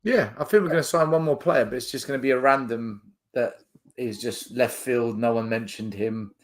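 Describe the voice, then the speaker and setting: A man's voice: mid-range voice, moderate pace. A man co-hosting a casual football podcast, emphatic and sweary, with frequent laughter. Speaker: podcast co-host, youth football coach.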